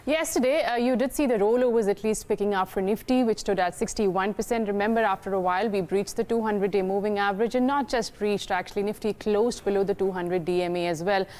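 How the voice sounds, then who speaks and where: A woman with an Indian English accent runs through futures and options figures at an ordinary pitch. She delivers the numbers as a quick, data-packed live briefing. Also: fairly even intonation, darkish tone. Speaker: derivatives market reporter. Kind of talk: market data update.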